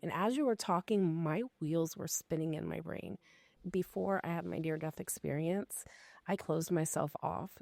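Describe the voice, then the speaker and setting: A woman in her fifties, co-hosting a podcast, telling a personal ghost story in an animated, casual way with frequent swearing. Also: deep voice, normal speed, vocal fry, no echo. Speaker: podcast co-host.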